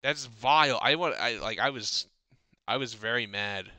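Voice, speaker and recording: A man's voice: medium pitch, normal speed, pushed and bright, no echo. A teenage boy hosting a casual podcast, telling a long, profane, rambling rant about school. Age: teens. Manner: rambling, profane ranting storytelling. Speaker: podcast host. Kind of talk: casual chat.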